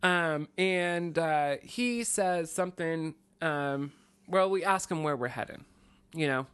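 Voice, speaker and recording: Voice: medium pitch, slow, a bit bright, smooth, dry recording. A podcast co-host telling a long story in casual chat, rambling with restarts. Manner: rambling, many fillers and restarts.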